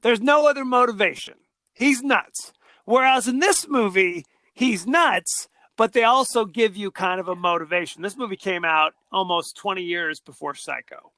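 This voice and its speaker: A man's voice: high voice, moderate pace, sharp tone, dry recording. A man co-hosting a podcast, chatting casually about a film and animatedly retelling scenes. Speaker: podcast co-host.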